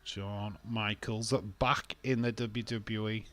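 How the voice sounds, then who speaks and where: British streamer, slow and bantering. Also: male voice, fairly low pitch, flat delivery, a bit bright. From Britain. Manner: laughs often, argues playfully over spelling, swears. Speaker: watch-along streamer reading chat. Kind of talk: casual live-stream chat.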